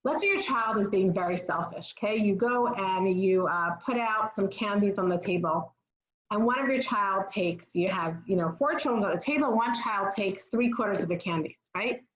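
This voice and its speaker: A woman's voice: medium pitch, normal speed, echoey room, muffled recording. A woman giving a parenting talk in an earnest, instructive way, often checking in with the listener. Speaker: parenting speaker.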